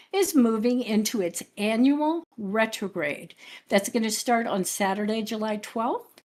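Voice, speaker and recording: Animated, fairly high-voiced woman host. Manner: animated storyteller, laughs often. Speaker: astrologer and show host. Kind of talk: livestream talk show chat.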